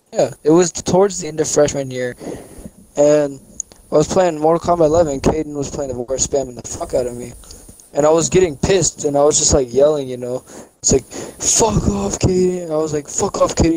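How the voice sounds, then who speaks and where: A man's voice: on the high side, fairly quick, warm tone, poor audio. A young man co-hosting a casual podcast, telling a long rambling story full of swearing and fillers. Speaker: podcast co-host. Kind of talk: casual chat.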